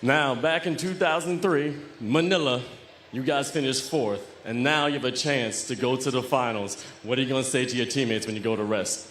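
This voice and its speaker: A man's voice: mid-range voice, normal speed, fairly bright tone, a little hiss or hum. A man working as courtside reporter, asking plain, direct post-game interview questions in an indoor basketball arena. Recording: echoey arena sound.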